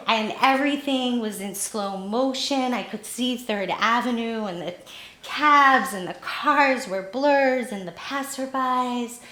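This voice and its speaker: A woman telling a personal story live, animated and laughing through the telling. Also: fairly high pitch. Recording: roomy echo.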